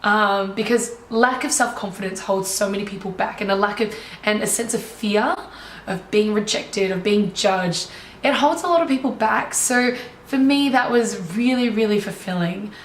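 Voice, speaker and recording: A young woman, a life coach, telling her own story in an animated, enthusiastic way. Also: mid-range voice, normal speed, a little hiss or hum. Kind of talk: personal storytelling. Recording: roomy echo, faint ambience.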